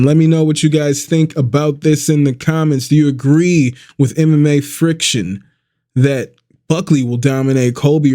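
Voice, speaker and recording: Man with a mellow voice and casual MMA talk. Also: a little high. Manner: animated, rambling, swears casually. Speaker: YouTube MMA commentator. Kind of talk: casual fight-prediction vlog.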